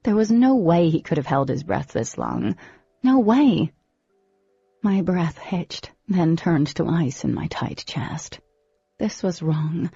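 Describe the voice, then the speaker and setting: Woman audiobook narrator, expressive and dramatic, low warm voice, dull recording, faint music. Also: takes it slowly, creaky, husky, dry recording. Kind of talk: first-person audiobook narration.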